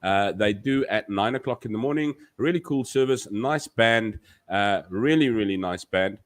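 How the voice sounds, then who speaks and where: A man's voice: on the low side, moderate pace. A man hosting a live stream, chatting casually, rambling and joking as he reads out the chat.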